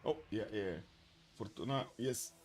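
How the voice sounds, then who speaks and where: A man's voice: on the low side, expressive, normal speed, a little hiss or hum. A man casting a live strategy game stream in a loose, rambling way, chatting and reading out viewer messages. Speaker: stream caster. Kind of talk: live casual game commentary.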